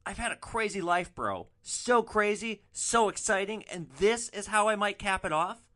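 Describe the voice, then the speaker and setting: A drunk, bragging passenger who pushes and wheedles, his voice jumping high and getting loud as he insists, as a man puts him on in a story. He boasts with sloppy bravado. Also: huge pitch swings, normal speed, heavily acted. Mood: boastful. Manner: boastful, pushy, slurring bravado. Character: drunk boastful middle-aged male passenger.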